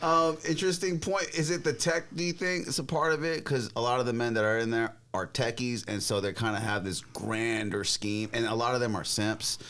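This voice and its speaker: Podcast host: American man, mid-pitched, jokey and teasing in loose chat. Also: fairly even intonation, brisk, few pauses, fairly bright tone. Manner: joking, laughing, teasing questions. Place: podcast studio.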